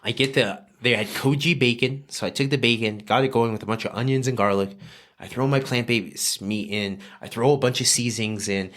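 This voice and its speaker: Lively storytelling man from New Mexico. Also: mid-range voice, a little fast. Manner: animated, lively storytelling with frequent fillers. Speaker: guest chef. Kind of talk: casual storytelling on a podcast.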